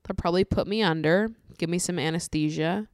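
A woman hosting a solo podcast, chatting casually with lots of swearing, laughter and animated ranting. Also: on the low side, a little fast, no room sound, studio quality. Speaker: podcast host.

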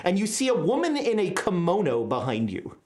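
A woman narrating a tabletop horror game as game master, talking in quick asides. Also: on the low side, huge pitch swings, darkish tone. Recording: echoey room.

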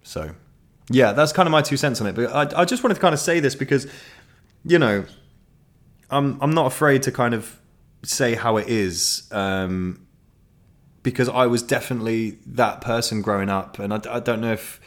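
A man's voice: mid-range voice, moderate pace. A young man talking casually and frankly, swearing often and rambling with restarts as he shares his thoughts. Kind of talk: casual monologue.

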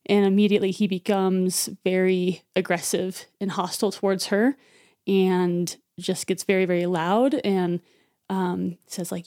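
A woman's voice: medium pitch, little pitch movement, unhurried, warm tone, clean tone. A woman co-hosting a podcast, casually retelling a story in a chatty way, full of "um" and "like". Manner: chatty, many fillers like "um" and "like". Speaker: podcast co-host.

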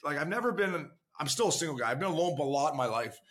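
A former pro hockey player chats as a podcast guest, restarting often, swearing loosely, and calling the hosts "boys" and "fella." His voice is a little high and a bit bright, with lively intonation and a quick pace.

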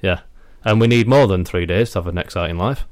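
A man's voice: low-pitched, brisk, no echo. A young man, co-hosting a casual podcast chat, blunt and swearing freely. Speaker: podcast co-host.

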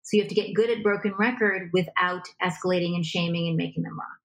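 A woman coaching on relationships as a guest in an interview, lively and acting out example dialogue as she explains. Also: on the low side, quick pace, vocal fry, low-quality recording. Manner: animated, acts out example dialogue. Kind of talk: conversational advice in a podcast interview.

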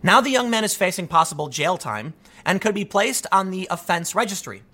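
A man's voice: high voice, animated, brisk, sharp tone. A man ranting through an opinion monologue as a commentary host, exasperated and full of rhetorical questions. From United States.

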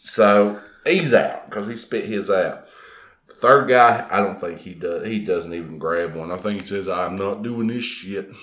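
A man's voice: deep voice, unhurried, fairly bright tone. A young man telling a story casually and with animation, chuckling as he goes.

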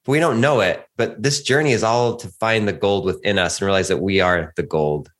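A man in his forties rambles through a casual podcast chat in a somewhat low voice. He is reflective and laughs often, restarting his sentences as he goes. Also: fairly quick, fairly bright tone. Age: 40s. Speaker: podcast co-host.

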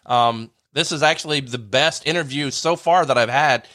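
A man's voice: mid-range voice, normal speed, bright, forceful tone, dry recording, clean studio sound. A man hosting a radio interview show, reacting briefly and reading out his social media handles.

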